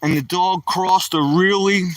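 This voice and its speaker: An older man with a strong Philadelphia accent talks slowly and unhurriedly, his voice bright and forward. He greets his regular viewers playfully and chats with them casually. The recording is dry and picks him up from a little way off the mic. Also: sits high, fairly even intonation, dry recording, far from the mic. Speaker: live streamer. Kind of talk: casual live-stream chat with viewers. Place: outdoors at night, walking a dog.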